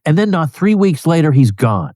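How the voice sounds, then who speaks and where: A man's voice: a little high, sing-song, normal speed, warm tone, no room sound, studio quality. A man hosting a podcast, talking in an earnest, casual way with frequent restarts. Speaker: podcast host. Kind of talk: casual interview conversation.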